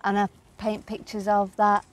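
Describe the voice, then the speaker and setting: A woman's voice: medium pitch, completely flat delivery, moderate pace, a little hiss or hum, rough recording. Cheerful woman painter chatting outdoors. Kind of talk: casual chat and storytelling. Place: outdoors by a canal bridge.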